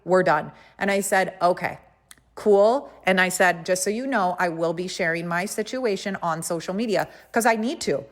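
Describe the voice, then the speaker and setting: A woman's voice: on the low side, normal speed. A woman hosting a podcast, telling a story in a casual, emphatic, indignant way and talking straight to her listeners. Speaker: podcast host.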